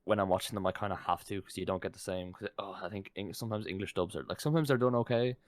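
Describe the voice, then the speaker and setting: A man's voice: on the low side, very fast. A young man co-hosting a podcast in casual chat, rambling with lots of "like" and swearing freely. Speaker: podcast co-host.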